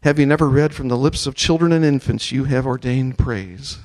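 This pastor's mid-range voice moves at normal speed as he delivers a sermon. He reads scripture aloud, draws the congregation into call-and-response chants, and builds to loud, ringing peaks.

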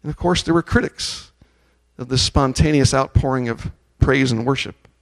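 A man preaching a sermon, reading scripture aloud and leading the congregation in call-and-response chants, rising to loud ringing peaks. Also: medium pitch, moderate pace. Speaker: pastor.

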